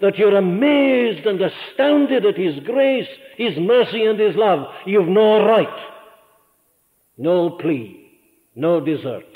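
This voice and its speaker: An older Welsh preacher delivers an earnest sermon that swells into fervent emphasis and sinks to hushed lows. His voice sits fairly high. It comes through a thin, tinny archival recording with a long reverb trailing behind him in a large hall. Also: animated, unhurried, few pauses. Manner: earnest, rising to fervent emphasis then dropping low.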